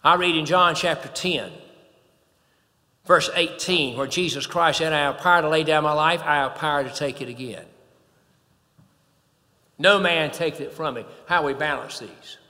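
A man's voice: on the high side, moderate pace, long pauses, sharp tone, long reverb tail. A man preaching a sermon, emphatic, swelling and dropping in volume.

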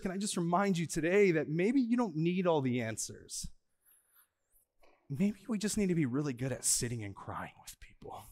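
A male pastor preaching a sermon to a church. He moves from soft, slow lines to loud, high bursts for emphasis and laughs lightly with the room. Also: big-room sound. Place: church auditorium.

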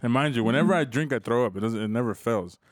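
A man's voice: mid-range voice, animated, fast, dry recording. A man co-hosting a podcast, telling a story in a loose, slangy, profane way. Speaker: podcast co-host. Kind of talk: casual storytelling chat.

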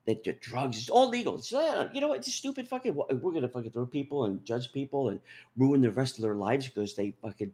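A man's voice: mid-range voice, breathy edge. Rowdy, foul-mouthed New man. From New York. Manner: profane, rowdy, swings from mumbling to shouting. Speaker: podcast co-host. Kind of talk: crude rambling comedic chat.

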